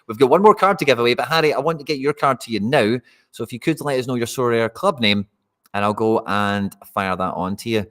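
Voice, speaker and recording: Man, Scottish accent, live-stream host, casual and chatty, medium pitch. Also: brisk, fairly bright tone. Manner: chatty, addresses viewers directly.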